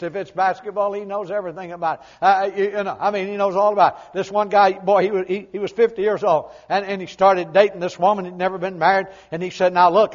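An older male preacher with a high voice tells homespun stories in a folksy, humorous sermon. He swings between loud, punchy emphasis and quiet, low asides. The recording sounds dull and muffled.

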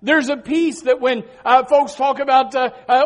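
A male pastor preaching a sermon, swinging between loud emphasis and hushed earnest lines, with many repeated words and restarts. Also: very high voice, moderate pace, hardly any pauses.

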